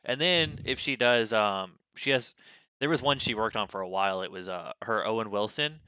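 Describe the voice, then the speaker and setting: A man co-hosting a podcast, chatting casually in a low, smooth voice. His talk is relaxed and often trails off into quiet asides. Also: moderate pace, dry recording. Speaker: podcast co-host. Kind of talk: casual chat. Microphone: podcast studio mic.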